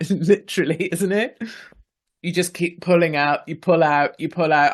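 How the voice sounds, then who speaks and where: A woman's voice: sits low, normal speed. A woman, hosting a radio talk show in a chatty, playful way and reading listener messages aloud. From England. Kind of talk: casual talk radio monologue.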